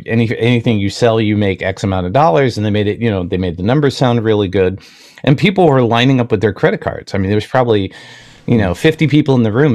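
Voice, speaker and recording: Casual lowish-voiced male podcast host. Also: a little mellow. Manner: casual storytelling with many fillers. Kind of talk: podcast conversation.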